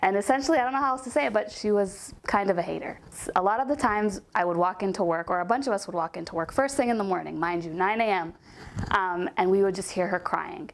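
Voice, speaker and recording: A woman's voice: medium pitch, quick pace. A young woman telling a casual storytime about a coworker, chatty and full of "like" and "um" fillers.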